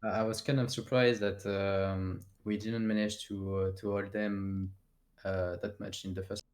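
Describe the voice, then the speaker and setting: A man with a French accent, a player answering post-match interview questions in halting English and often searching for words. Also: lowish voice, level tone, a little mellow.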